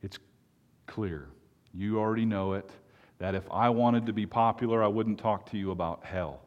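Earnest low-voiced preacher in a hall. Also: male voice, muffled recording. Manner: earnest, emphatic, with long pauses. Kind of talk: sermon.

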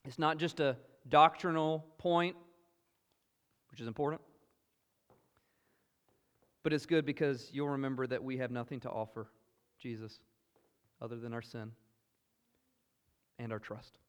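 A man with a Southern US accent preaching a sermon, earnest and emphatic, moving between loud exclamations and hushed asides. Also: mid-range voice, fairly even intonation, a little slow, pauses often, clean tone. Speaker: pastor. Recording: long hall reverb.

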